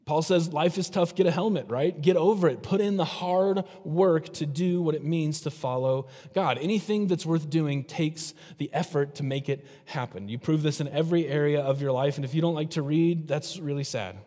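A man's voice: fairly high pitch, moderate pace, few pauses, mellow. A middle-aged male pastor preaching a sermon in a conversational way, throwing rhetorical questions at the congregation. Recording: long hall reverb.

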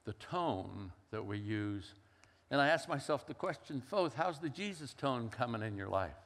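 Older preacher in a reverberant hall. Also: male voice, medium pitch, animated, normal speed, fairly bright tone. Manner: storytelling, conversational with acted-out quotes. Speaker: pastor. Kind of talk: sermon.

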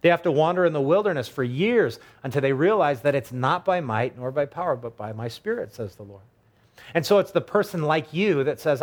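A middle-aged man preaching a sermon in a relaxed, conversational way, acting out short quoted voices along the way. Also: medium pitch, brisk. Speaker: pastor.

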